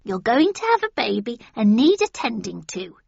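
A woman's voice: fairly high pitch, very animated, moderate pace, creaky, fairly bright tone, slightly rough, dry recording, exaggerated voice. A woman voicing a very elderly grandmother who speaks grandly and bossily, in a dull, dry recording. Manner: grand, bossy.

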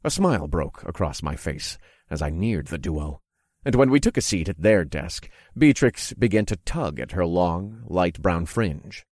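Deep-voiced male story narrator. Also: expressive, measured pace, a little mellow, dry recording, studio quality. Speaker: first-person narrator.

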